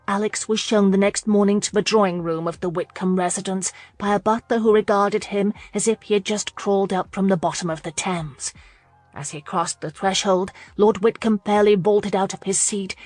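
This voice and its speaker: A woman narrating a historical romance audiobook in a steady, measured way. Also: medium pitch, no room sound.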